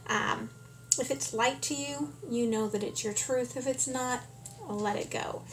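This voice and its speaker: A woman giving a tarot reading, speaking calmly and often checking in with "okay?". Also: a little high, measured pace, slight background noise. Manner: calm, frequent "okay?" check-ins. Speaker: tarot reader.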